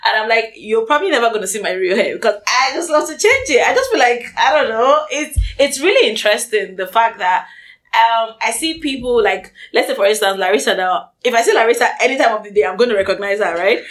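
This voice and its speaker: A woman's voice: a little high, animated, fast talker, a bit bright. A woman and college student chatting playfully in a casual round-table talk. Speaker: student club member.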